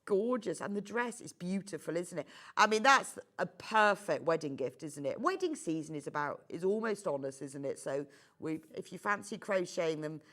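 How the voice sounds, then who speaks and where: A woman's voice: on the low side, animated, normal speed, fairly bright tone. A middle-aged woman presenting a live home-shopping show, chatty and gushing with enthusiasm.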